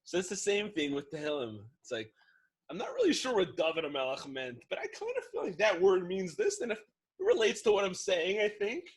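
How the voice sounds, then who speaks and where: A podcast co-host chats casually, joking and poking fun at himself. His high-pitched voice swoops wildly and is slightly rough, and he talks a little fast.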